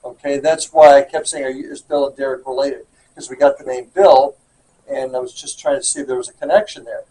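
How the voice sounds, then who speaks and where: A man's voice: mid-range voice, fairly even intonation, fairly quick, dark tone, a little hiss or hum, rough recording. A man casually explaining an experiment from a ghost hunt and checking facts with the group. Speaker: paranormal investigator.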